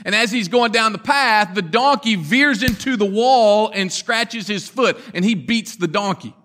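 A man preaching a sermon, telling the story dramatically and swinging from loud to hushed. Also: sits high, measured pace. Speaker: pastor.

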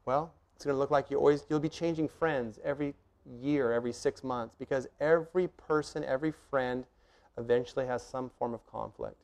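A middle-aged male pastor delivering a sermon in an earnest, emphatic way. His voice sits at an ordinary middle pitch, and he steps through his points one by one, often pausing on rhetorical questions. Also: darkish tone.

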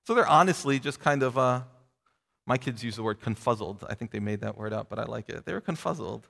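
A middle-aged man preaching a sermon, reading scripture aloud and voicing its speakers with lifted pitch. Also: expressive, a little fast, creaky, fairly bright tone. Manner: expository preaching, acting out quoted voices with a rising pitch. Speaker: pastor. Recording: long reverb of a large hall.

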